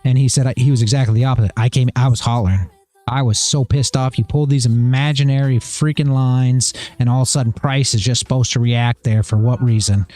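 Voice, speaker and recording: A man's voice: mid-range voice, darkish tone, dry recording. A middle-aged man hosting a trading livestream, talking casually in a blunt, rambling way, repeating himself and swearing.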